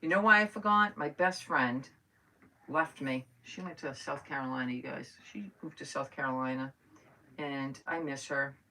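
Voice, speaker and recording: Her very deep voice sounds pushed and bright at a moderate pace as she hosts a crafting livestream, chatting loosely and welcoming viewers by name. The mic is a bit far off, and there's faint noise.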